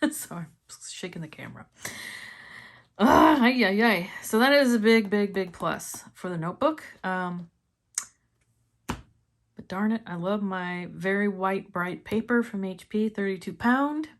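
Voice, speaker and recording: A woman's voice: mid-range voice, a little slow. A woman with a Missouri accent chatting casually in a planner review vlog, laughing often and sounding enthusiastic. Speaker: planner vlogger.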